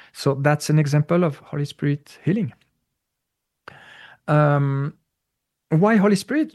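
A man speaking English as a second language, explaining spiritual ideas in a casual, halting way with many fillers and searches for words. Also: on the high side, a little mellow. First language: not English. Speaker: spiritual teacher. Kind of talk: casual conversational talk.

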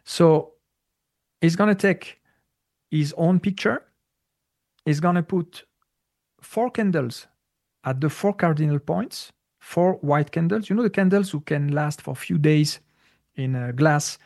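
A man telling a spiritual story in a casual interview, halting and repeating words, with many fillers. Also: on the high side, vocal fry, darkish tone.

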